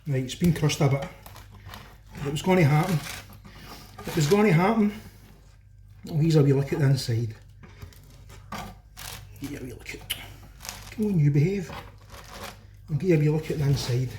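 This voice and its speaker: A man with a Glaswegian Scottish accent and a slightly high voice chats casually to camera while cooking in his home kitchen, exclaiming over the food. He's a home cooking vlogger who speaks at a moderate pace with long pauses. The recording is reverberant, with background noise.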